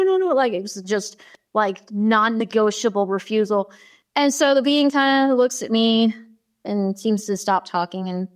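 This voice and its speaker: A woman in a mid-range voice tells a personal story as an interview guest. She talks animatedly and fills her sentences with "like" and "you know.". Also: mid-range voice. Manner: animated, many fillers, acts out quoted dialogue. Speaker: podcast guest.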